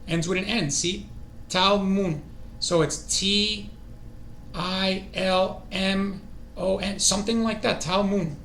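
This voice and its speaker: Hyped guy streaming his language practice, high bright voice, echoey room. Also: a little hiss or hum. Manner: excitable, thinks aloud. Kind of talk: casual self-study stream.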